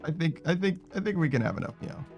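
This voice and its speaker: A man streams a video game, talking fast and animatedly in a relaxed, casual manner, swearing freely and reading viewers' chat messages out loud. He adds a playful "meow" after his phrases, and when frustrated he bursts out in a raised, higher voice. The recording is muffled, with faint music playing softly beneath his casual gaming commentary.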